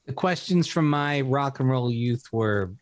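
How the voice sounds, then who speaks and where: A man on a casual podcast making dry, deadpan remarks. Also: mid-range voice, unhurried, no room sound. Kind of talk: casual chat.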